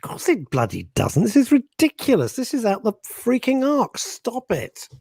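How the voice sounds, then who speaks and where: A man's voice: very high voice, wildly swooping pitch, moderate pace, vocal fry, darkish tone, slightly rough, dry recording. A man from England co-hosting a casual radio chat show, joking and reading out listener comments. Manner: jokey, reads out listener comments.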